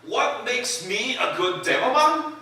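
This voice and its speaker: A young man voicing a boisterous Scottish demolitions man, loud and shouting. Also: extremely high pitch, lively intonation, takes it slowly, a little hiss or hum, voice pushed up, exaggerated voice. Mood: rowdy. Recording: echoey hall, mic far off.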